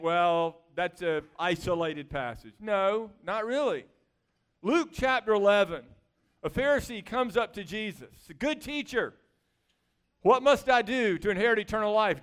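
A man preaches with a notably high and smooth, resonant voice. His delivery is conversational and animated, full of rhetorical questions aimed at his listeners. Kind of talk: sermon.

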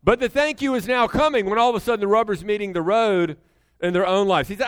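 A man's voice: sits high, fast talker, clean tone. A middle-aged man preaching a sermon, emphatic and conversational, often turning to the congregation with asides. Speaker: pastor.

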